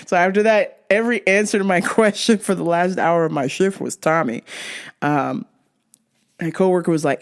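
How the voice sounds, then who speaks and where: A woman podcast host telling a story in a casual, profane, animated way. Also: on the low side, moderate pace. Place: in London.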